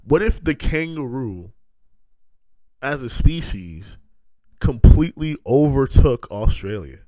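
A man's voice: medium pitch, lively intonation, slow pace, warm tone, no echo, studio quality. A man hosting a podcast, riffing through a rambling, profane comic monologue with bursts of laughter. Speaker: podcast host.

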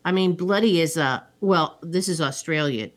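Lady rambling thru a movie recap, kinda low voice, lots of ums. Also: normal speed. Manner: rambling storyteller with many fillers.

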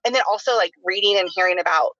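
A woman in her thirties talks quickly on a casual podcast, her voice bright and forward. She keeps dropping "like" between her thoughts. The sound is dull and lo-fi. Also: mid-range voice, breathy edge, no echo. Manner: chatty, heavy use of "like" fillers. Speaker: podcast host.

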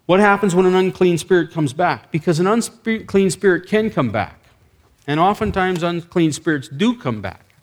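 Animated male preacher. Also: high-pitched, normal speed. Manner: animated anecdote with acted dialogue and bursts of excitement. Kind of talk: sermon storytelling.

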